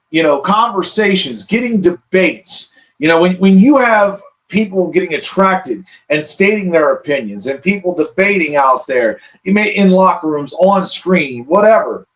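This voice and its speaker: Brief: guest analyst, man with a high voice, chatty and explanatory, keeps asking "right?". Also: low-quality recording. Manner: explains at length, checks in with "right?". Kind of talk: casual podcast chat.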